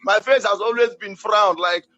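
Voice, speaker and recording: A man's voice: high-pitched, steady tone, moderate pace, pushed and bright, dry recording, muffled recording. A man on a video call, consoling a friend effusively and repeating his words of comfort.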